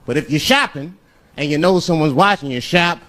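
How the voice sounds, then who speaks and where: A man performing a stand-up comedy set on a live stage, telling stories in an animated way and slipping in and out of voices. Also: on the high side, fairly quick. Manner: animated storytelling, swinging between voices. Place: live stage before an audience. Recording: live stage with crowd noise. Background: audience laughter.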